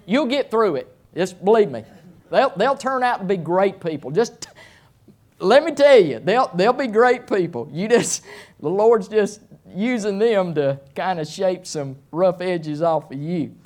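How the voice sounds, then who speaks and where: A middle-aged man preaching a sermon as pastor, speaking slowly and deliberately. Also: high-pitched, animated, a little mellow. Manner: slow, deliberate delivery.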